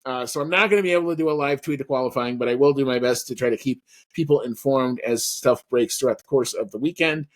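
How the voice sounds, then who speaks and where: A man's voice: mid-range voice, fast. A man co-hosting a podcast in casual chat, rambling with lots of fillers and restarts. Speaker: podcast co-host.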